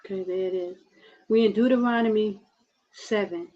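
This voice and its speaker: A woman's voice: medium pitch, moderate pace. Fervent woman preacher, muffled stream audio. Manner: fervent and preachy, addressing listeners as brothers and sisters; repeats words and restarts often. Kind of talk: impassioned online sermon.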